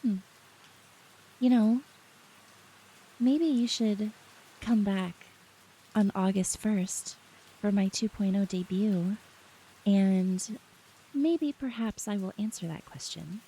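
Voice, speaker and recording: A woman streamer chatting softly and giggling often as she greets her chat, close to the mic with faint rain behind. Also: mid-range voice, slow pace, long pauses, slightly rough, poor audio. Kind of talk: soft-spoken live-stream chat. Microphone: close ASMR microphone.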